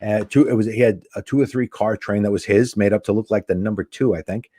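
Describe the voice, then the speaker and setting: Man telling a lively set story. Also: fairly low pitch, quick pace, no room sound, clean studio sound. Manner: animated anecdote teller acting out quoted dialogue. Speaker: guest comedian. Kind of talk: casual storytelling.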